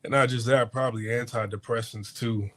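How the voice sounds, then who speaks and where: Man, casual storytelling, rambling with restarts, mid-pitched voice, quotes people with feeling. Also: brisk. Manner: rambling with many restarts and stammers; animated retelling with acted-out quotes. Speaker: podcast host. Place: hotel abroad.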